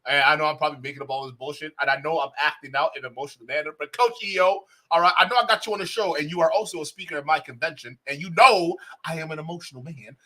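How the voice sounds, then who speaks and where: A man's voice: fairly high pitch, rapid-fire, few pauses, pushed and bright. A man mocking a whiny, self-pitying man begging for validation, in a sarcastic whine.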